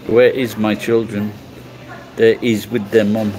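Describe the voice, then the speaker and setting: A man's voice: on the low side, little pitch movement, a little slow, a little mellow, rough recording. A middle-aged man from England chatting casually on a livestream, rambling and swearing bluntly as he answers comments. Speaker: livestream host.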